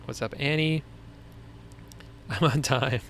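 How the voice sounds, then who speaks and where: A man's voice: medium pitch, takes it slowly, a little hiss or hum. A young man with a Long Island accent, hosting a casual live Q&A stream and chatting loosely with viewers. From Long Island, New York. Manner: chatty, laughs easily, restarts often. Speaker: livestream host answering viewer questions.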